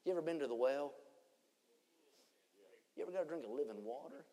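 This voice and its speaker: A man preaching a revival sermon, swinging between shouted lines and hushed ones. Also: a little high, lively intonation, brisk. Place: church conference hall. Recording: long church hall reverb.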